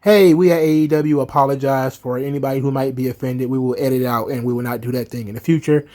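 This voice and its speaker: Evasive corporate boss, as a man mocks him, flat placating delivery, mock-formal phrasing, pitched a bit low and quiet. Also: fast talker, natural voice.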